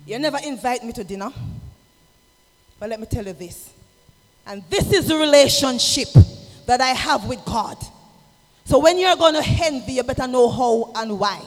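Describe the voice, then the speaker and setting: A man preaching an impassioned sermon, swinging from shouted exhortation to low, intimate asides. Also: animated, normal speed, pauses often. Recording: long hall reverb with music behind.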